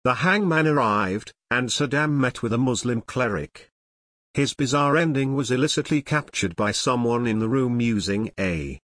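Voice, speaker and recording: A man reading nonfiction narration in a measured, serious way. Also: mid-range voice, fairly bright tone, no room sound, studio quality. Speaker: audiobook narrator.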